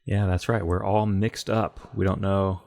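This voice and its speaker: A man co-hosting a casual podcast chat, relaxed and dry, pausing often with hesitations. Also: low voice, vocal fry. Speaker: podcast co-host.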